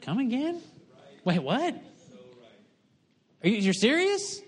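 A man's voice: very high voice, very animated, slow, pauses often, slightly rough. A middle-aged man preaching, telling a folksy, self-mocking story with humor. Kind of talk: sermon.

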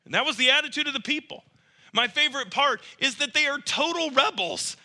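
A man preaching a sermon in an animated way, acting out the people he quotes and rising toward near shouts. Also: extremely high pitch, a little fast.

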